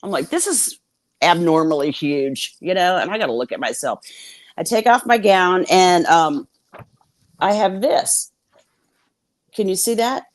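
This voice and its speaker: A woman speaking as a guest over a video call, with a fairly low voice and a dry, close sound that has no room echo. She is blunt and swears freely, and she acts out what others said as she tells her story. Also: animated, a little slow, long pauses. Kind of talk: candid storytelling in a conversation.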